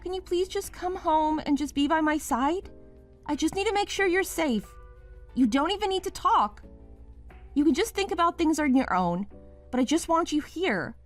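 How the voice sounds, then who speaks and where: A woman's voice: high-pitched, lively intonation, normal speed, soft background music. A woman voicing a wife named Mia in a scripted drama, pleading at first and then sharply accusing her husband.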